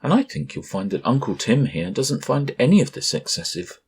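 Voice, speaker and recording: A man's voice: medium pitch, very animated, normal speed, husky, pitched above the performer's own voice. A man voicing an imperious ten-year-old princess in a storybook reading, speaking in a mock-gracious, regal and precise way. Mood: icily firm.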